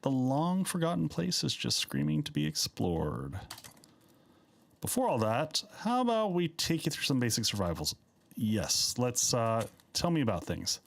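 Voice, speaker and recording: A man's voice: mid-range voice, huge pitch swings, moderate pace. A man playing a game live, chatting casually and reading the on-screen dialogue aloud in a playful way. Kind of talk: casual live-stream commentary.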